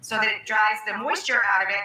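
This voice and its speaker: A woman's voice: mid-range voice, quick pace. A woman hosting a TV cooking show, chatting cheerfully through her recipe. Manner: chatty, upbeat presenting. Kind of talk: TV cooking demonstration. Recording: echoey, distant TV clip with loud noise.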